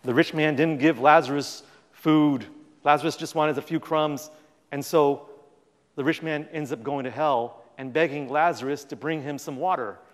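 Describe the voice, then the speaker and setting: Animated male speaker in a reverberant hall. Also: medium pitch. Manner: animated storytelling, acts out quoted dialogue. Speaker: guest speaker. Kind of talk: public talk with audience Q&A.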